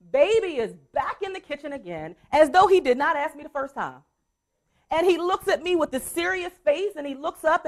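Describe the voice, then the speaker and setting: Female motivational coach on stage, high and animated, emphatic storyteller who keeps calling the crowd y'all. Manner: emphatic, repetitive, storytelling, addresses audience as y'all. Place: stage at a conference.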